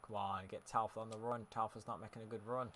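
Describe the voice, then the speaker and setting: A man's voice: lowish voice, little pitch movement, fast talker, a bit bright, a little hiss or hum. A young man streaming a football game, chatting casually with viewers and reacting to the match. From United Kingdom. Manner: chatty, answers chat messages while narrating gameplay. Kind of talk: casual live-stream commentary.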